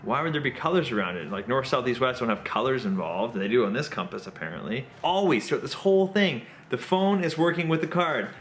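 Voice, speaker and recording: A man hosting his own video, recapping a puzzle in an excitable, self-mocking way. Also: medium pitch, brisk, hardly any pauses, slight background noise. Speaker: magician and comedian host. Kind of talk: animated storytelling recap.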